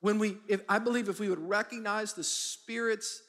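A man pastor preaches in a large church auditorium, his high-pitched voice carrying a long reverberant tail. He drives his points with call-and-response, asking the crowd to repeat key words back to him. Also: steady tone, normal speed, fairly bright tone. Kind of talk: sermon.

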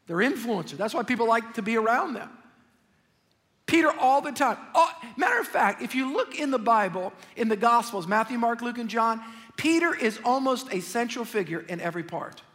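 A male pastor preaches a lively, joking sermon and keeps talking straight to his congregation. His voice sits very high for a man. A long reverb rolls through the sanctuary. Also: moderate pace. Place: church sanctuary.

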